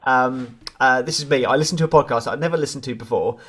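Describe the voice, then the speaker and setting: A man's voice: medium pitch, quick pace, a bit bright, husky. A British man co-hosting a motorsport podcast, reading a race summary with joking asides. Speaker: podcast co-host. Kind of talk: casual race review chat.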